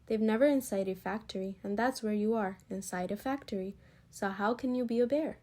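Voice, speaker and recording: A woman voicing a smug male factory president in a storybook, speaking quietly and matter-of-factly. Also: medium pitch, fairly quick, close to an everyday voice. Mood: dismissive.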